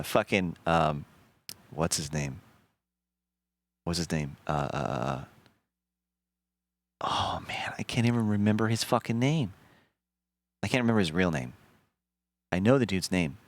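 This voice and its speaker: A man streaming a video game, chatting casually and telling a rambling, profane story in an animated way. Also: low-pitched. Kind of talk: casual gameplay commentary.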